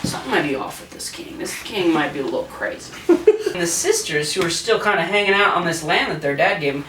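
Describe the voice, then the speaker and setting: A man's voice: fairly high pitch, big pitch swings, a little fast, bright, forceful tone, recorded from a distance, slight background noise. Rambling tipsy man, echoey room. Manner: rambling, slurred, crude, laughing. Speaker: host. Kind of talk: drunk comic retelling of a play.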